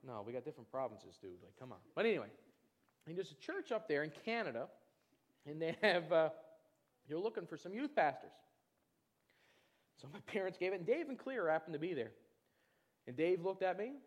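A man preaching, telling a personal testimony in an animated storytelling way and acting out other people's voices. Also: fairly high pitch, a little fast, long pauses. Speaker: pastor. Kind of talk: testimony in a church sermon.

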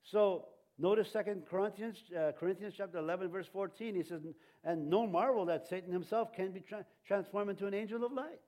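Rambling, halting male pastor preaching. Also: sits high, a little mellow. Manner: rambling, halting delivery with many restarts and fillers. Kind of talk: sermon.

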